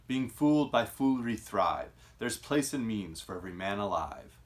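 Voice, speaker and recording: A man's voice: on the low side, animated, normal speed, natural voice. A man reading the part of a boastful, cowardly male soldier who vows to live on in shame, declaiming the verse. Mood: defiant. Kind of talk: dramatic reading of a play.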